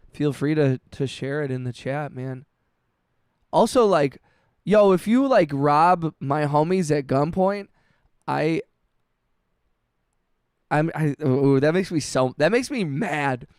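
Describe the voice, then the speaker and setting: A man streaming music production, chatting casually with his chat, halting and heartfelt, often restarting and swearing with lots of "bro" and "dude". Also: on the high side, darkish tone, smooth, dry recording, studio quality. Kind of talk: casual livestream chat, reading chat messages.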